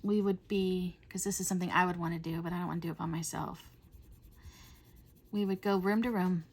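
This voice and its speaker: A middle-aged woman hosting a coloring video, chatting in a rambling way and often dropping to a soft whisper. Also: fairly low pitch, steady tone, fairly quick. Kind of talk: casual chat while coloring.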